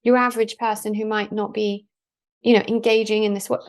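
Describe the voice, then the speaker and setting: A woman hosting a podcast interview, chatty and lively, jumping in with questions. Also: medium pitch, a little fast. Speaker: podcast host.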